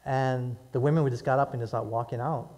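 A man's voice: medium pitch, fairly even intonation, fast, mellow. A middle-aged male pastor preaching to a live congregation, telling stories animatedly and asking "right?" and "amen?" often. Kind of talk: sermon.

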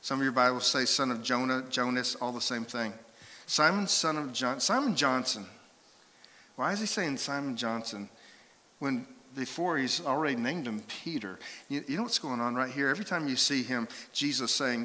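A man preaching a sermon as a pastor, telling stories and acting out quoted voices with lively shifts. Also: mid-range voice, normal speed, in a large hall. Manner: animated storytelling, acts out voices and quotes. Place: church sanctuary.

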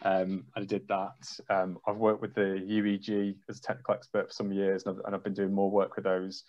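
A man's voice: sits low, monotone, fairly quick, a little mellow. A man, a trampoline coach, telling an emotional story on a video call and acting out his own reactions. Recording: dull lo-fi video call audio.

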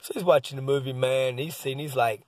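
A man's voice: mid-range voice, steady tone, brisk, a little mellow, dry recording. A man, rambling and swearing casually as he tells a story about his son. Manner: rambling, profane, keeps saying "man". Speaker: father telling a story.

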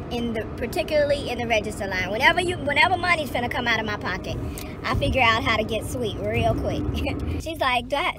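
Woman vlogger, slightly high voice, talking in a car with loud traffic noise behind; candid, wry storytelling. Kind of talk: casual storytelling while driving.

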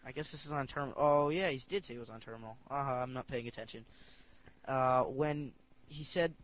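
A man's voice: mid-range voice, a little fast, a bit bright. A man hosting a gaming podcast in casual chat, laughing often and reading listener stories aloud. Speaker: podcast host.

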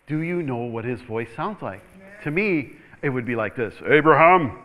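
The audio is narrow and tinny, carrying a male pastor's medium-pitched voice at a moderate pace. During his animated church sermon he repeatedly asks the room "Amen?", chuckling and repeating words as he builds up.

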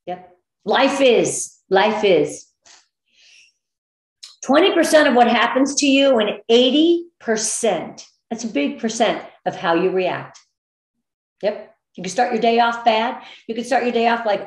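A woman's voice: on the high side, lively intonation, unhurried. A middle-aged woman giving upbeat, encouraging motivational business training to her sales team, now and then getting emotional. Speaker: direct sales team leader. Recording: echoey room.

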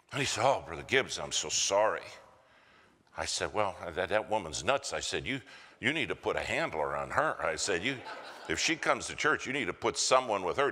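In a church sanctuary, an American man preaches a sermon, telling a story and acting out the voices of its characters. His voice sits on the low side, with a bright, forceful tone, and the recording carries church hall reverb.

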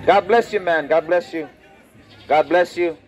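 A man preaching loudly and confrontationally on the street, repeating his lines. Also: fairly high pitch, measured pace, poor audio. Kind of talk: open-air street preaching. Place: outdoors on a street.

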